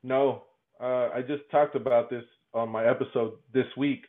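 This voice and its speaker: A man giving a candid interview, talking haltingly, repeating words and laughing often. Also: medium pitch, fairly even intonation. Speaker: podcast guest. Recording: tinny phone-like line.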